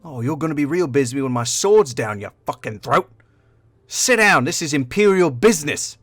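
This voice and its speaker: A man voicing a gruff, bossy imperial knight who threatens and curses. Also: medium pitch, expressive, a little fast, no room sound, soft background music. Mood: threatening.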